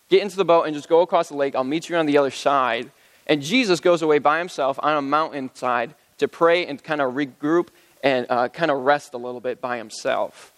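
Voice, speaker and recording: Guy preaching a sermon, kinda high voice, laid-back chatty delivery, big echoey hall. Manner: relaxed conversational retelling with fillers. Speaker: pastor.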